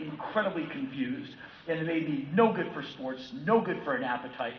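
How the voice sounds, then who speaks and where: A man in his fifties from the United States giving a keynote talk, telling personal stories in an animated way and acting out other people's voices. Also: on the high side, a little fast. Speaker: keynote speaker. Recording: echoey hall from far off, dull lo-fi sound with faint ambience.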